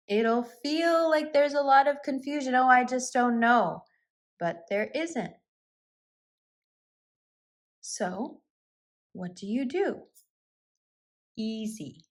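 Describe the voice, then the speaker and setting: Woman, tarot reader, unhurried delivery, gentle and reassuring, soft whispers, easy laughter. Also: high voice. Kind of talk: tarot card reading.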